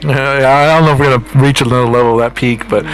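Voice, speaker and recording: A man's voice: mid-range voice, flat delivery, very fast, faint music behind, poor audio. A man co-hosting a casual gaming podcast, teasing and laughing along. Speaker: podcast co-host.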